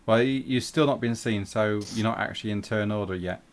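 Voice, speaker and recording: A man's voice: fairly low pitch, a little fast, a little hiss or hum. A man running a tabletop role-playing game as game master, patiently explaining the rules in a matter-of-fact way.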